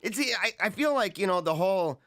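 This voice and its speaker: A man's voice: high voice, animated, fairly quick, a bit bright. A man hosting a livestream show, chatting casually, rambling, mocking and laughing often as he reads viewer comments. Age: adult, married with young children.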